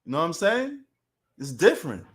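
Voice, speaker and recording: A man with a New York accent chats on a sports live stream, his voice pitched fairly high. He talks loosely and animatedly, leaning on street slang and addressing viewers in the chat. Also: wildly swooping pitch, brisk.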